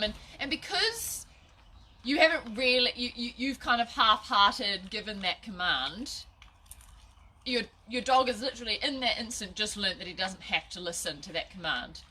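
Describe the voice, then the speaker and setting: A woman's voice: fairly high pitch, pushed and bright, a little hiss or hum. A woman giving a casual, chatty dog-training lesson on a live video, with frequent restarts and laughter at her own slips. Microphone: phone or camera at a short distance.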